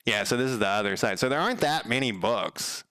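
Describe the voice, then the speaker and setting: A man's voice: medium pitch, lively intonation, brisk, bright, forceful tone, clear, resonant tone, no room sound. A man live-streaming while he codes a game, chatting casually in a rambling, profane way and counting under his breath. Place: home room.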